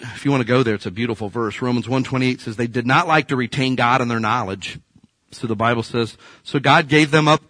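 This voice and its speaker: Animated male preacher, bright dry voice. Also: mid-range voice, no room sound. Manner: animated storytelling, swings from hushed to loud. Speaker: pastor. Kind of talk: sermon.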